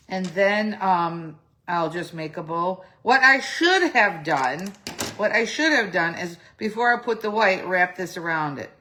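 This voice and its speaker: A middle-aged craft demonstrator walks through a project step by step in a casual tutorial, chatty, thinking aloud and correcting herself. Her voice is fairly low, bright and forceful with a slightly phlegmy throat, and there's a little hiss or hum.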